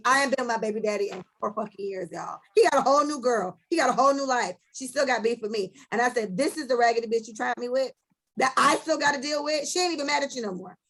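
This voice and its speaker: A woman hosting a casual podcast chat, telling stories in a blunt, animated way with lots of profanity. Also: fairly high pitch. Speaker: podcast host.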